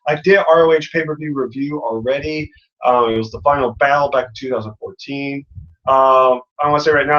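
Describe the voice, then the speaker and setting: A man's voice: medium pitch, a bit bright, dull audio, slight background noise. A man hosting a casual review chat, rambling with many fillers. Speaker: host.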